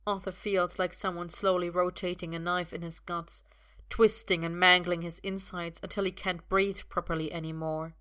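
A woman narrating a dramatic story in a steady, measured reading voice. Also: on the low side. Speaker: audiobook narrator. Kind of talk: dramatic fan-fiction reading.

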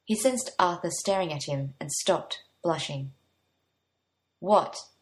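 A woman reads a fantasy tale aloud in an even, unhurried storytelling voice. Her pitch sits a little low for a woman. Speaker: narrator. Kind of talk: audiobook-style story reading.

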